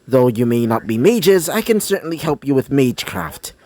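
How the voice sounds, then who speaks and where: A man voicing a calm, stern female magical servant, in a cool, matter-of-fact way, for a fan-made story. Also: medium pitch, moderate pace, natural voice.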